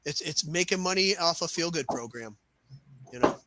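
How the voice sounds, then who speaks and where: A man's voice: fairly high pitch, moderate pace, background noise. A man who teaches martial arts, chatting casually on a podcast and telling stories with the dialogue acted out. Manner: lively storyteller who acts out dialogue.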